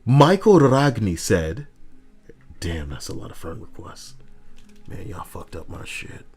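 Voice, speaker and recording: A man live-streaming with a co-host, talking casually, animated, swinging from loud outbursts to muttering and swearing often. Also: lowish voice, a little slow, husky, faint music behind.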